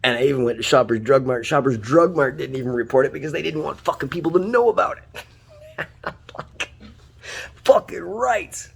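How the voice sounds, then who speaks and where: A man's voice: medium pitch, animated, brisk, gravelly, breathy edge. A man from Canada, a taxi driver, delivering an angry, profane, heated monologue. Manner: swears constantly, ranting, heated. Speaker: taxi driver ranting online.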